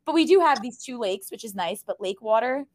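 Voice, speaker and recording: A woman's voice: on the high side, brisk, no room sound. Brooklyn girl podcasting, new york accent, lots of likes, super dry mic. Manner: chatty, animated, lots of "like" fillers. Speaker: podcast co-host. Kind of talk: casual chat.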